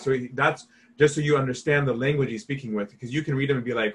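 A man's voice: mid-range voice, fast talker, a bit bright. A man teaching scripture in a casual, conversational way, emphatic and informal, often asking "right?". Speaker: Bible teacher.

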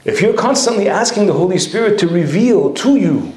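A man's voice: sits high, expressive, a little fast, mellow, roomy sound. A male priest telling a funny story to an audience, self-mocking and often laughing. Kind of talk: humorous storytelling talk to an audience.

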